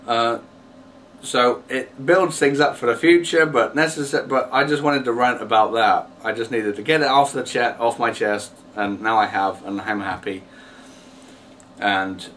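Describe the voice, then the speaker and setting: A man's voice: on the low side, a bit bright, far from the mic, slight background noise. A man ranting casually to camera, exasperated and rambling, with lots of fillers and restarts. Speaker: vlogger.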